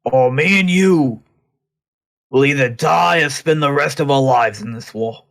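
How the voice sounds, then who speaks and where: A man playing his character in a tabletop game, speaking gruff and firm. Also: medium pitch, measured pace, fairly bright tone. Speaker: player.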